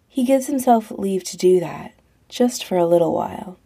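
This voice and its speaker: A woman narrating a romance story as an audiobook in a calm, measured way. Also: on the low side.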